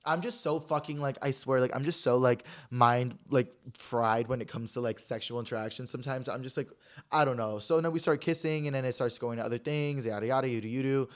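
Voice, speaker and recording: Fast-talking young man telling gossip. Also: mid-range voice. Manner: animated, gossipy retelling full of "like" and swearing. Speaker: podcast host. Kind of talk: casual storytelling chat.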